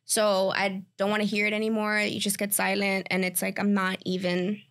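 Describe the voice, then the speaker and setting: A woman co-hosting a podcast explains relationship ideas in a steady, conversational way. Her voice has a gravelly fry running through it, at a middling pitch for a woman. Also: normal speed. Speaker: podcast co-host. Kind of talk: explaining relationship concepts in casual chat.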